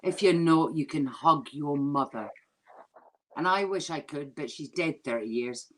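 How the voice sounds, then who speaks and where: A woman's voice: sits low, measured pace, fairly bright tone, slight background noise. A woman comedian ranting and swearing in a drunken comedy chat over a video call. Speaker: comedian guest.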